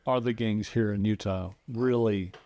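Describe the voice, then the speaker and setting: A man's voice: on the low side, steady tone, normal speed, warm tone. A man hosting a podcast who asks his guest curious, probing questions in a casual tone. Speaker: podcast host.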